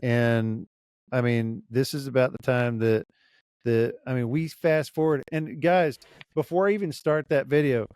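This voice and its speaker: A man's voice: mid-range voice, steady tone, a little slow, darkish tone, smooth, dry recording, clean studio sound. A man hosting a podcast in casual chat, easygoing and peppering his talk with "dude" and "man.". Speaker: podcast host.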